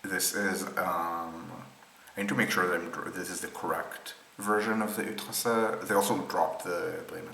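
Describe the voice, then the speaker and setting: A man with a low yet bright, cutting voice talks through rail maps off the cuff. He pauses often with ums and restarts sentences as he thinks. The sound is roomy, with a faint hum of ambience behind him. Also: fairly even intonation, gravelly. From Israel. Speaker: presenter explaining rail maps. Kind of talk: unscripted screen-share explainer.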